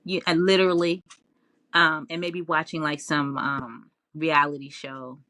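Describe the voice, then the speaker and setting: A woman telling her story as an interview guest in a casual, animated way, often laughing and raising her voice when she quotes herself. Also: low-pitched, unhurried, no echo. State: tearful at times.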